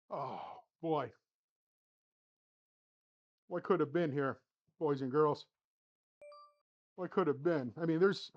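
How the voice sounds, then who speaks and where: A man's voice: fairly high pitch, takes it slowly, pauses often, dull audio. Man talking through his golf shots. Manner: talks to himself between shots, swings from flustered to upbeat. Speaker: sim golf channel host. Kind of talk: casual play-by-play commentary. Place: home golf simulator studio.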